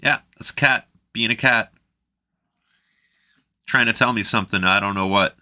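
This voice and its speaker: Canadian guy, very bright tone, wry deadpan co-host. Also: fairly low pitch, moderate pace. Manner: dry, wry asides. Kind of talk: casual reaction chat.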